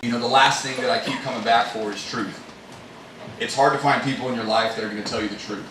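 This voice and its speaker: A man's voice: mid-range voice, steady tone, fast talker. A man from Utah, a business owner, sharing a self-mocking personal story and earnest advice with a group. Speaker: financial planning firm president. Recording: echoey room, distant mic, room noise.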